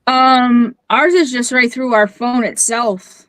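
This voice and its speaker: A woman's voice: on the high side, slow pace, no echo, rough recording. A woman co-hosting a casual live chat, giving short answers and dry jokes. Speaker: co-host.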